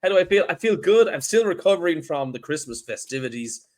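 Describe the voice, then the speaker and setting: A man's voice: fairly high pitch, brisk. A man co-hosting a podcast, talking casually, sounding nasal and congested from a cold and often restarting his sentences. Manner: excitable, trails off and restarts often. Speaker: podcast co-host.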